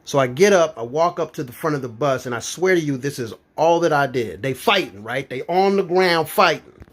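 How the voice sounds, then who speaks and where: Animated, expressive male stand-up comic. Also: fairly high pitch, brisk. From Florida, USA. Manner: profane, animated, incredulous storytelling. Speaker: stand-up comedian. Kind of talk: stand-up comedy storytelling.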